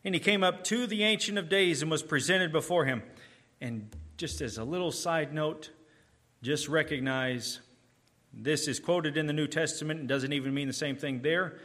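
A man preaching a sermon, emphatic, swinging between booming declarations and hushed, slow asides.

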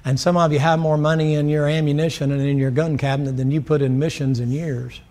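A man's voice: a little high, level tone, fast, a little mellow. Blunt folksy Southern preacher man. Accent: Southern American. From Southern United States. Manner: folksy, blunt, fervent, with many rhetorical questions. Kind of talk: sermon.

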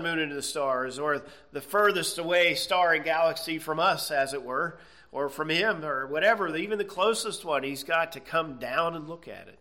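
Bright-voiced pastor preaching. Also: male voice, on the high side. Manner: earnest, emphatic, with drawn-out stresses and "okay?" checks. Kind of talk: sermon.

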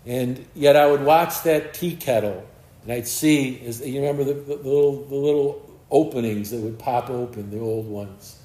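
A man's voice: medium pitch, steady tone, normal speed, dark tone. Earnest male preacher in an echoey room. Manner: earnest, repeats words while searching for them. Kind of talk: sermon.

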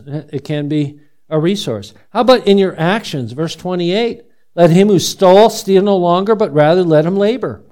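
A middle-aged male pastor preaching a sermon, animated and asking the congregation many questions. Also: sits high.

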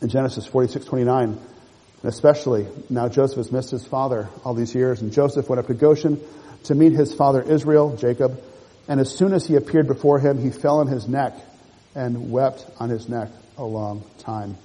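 A man preaching an expository sermon, earnest and emotional, reading scripture aloud and explaining it in short, measured phrases. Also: medium pitch, steady tone, dark tone, husky. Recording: long hall reverb.

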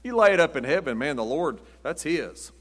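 A man's voice: a little high, sing-song, moderate pace. A man preaching a sermon in a folksy, conversational way with acted asides, recorded in a church sanctuary. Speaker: pastor. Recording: long hall reverb.

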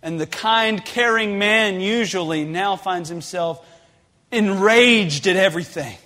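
High-voiced impassioned preacher. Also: male voice, measured pace. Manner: impassioned, builds to shouted pleas. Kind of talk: sermon. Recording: long hall reverb.

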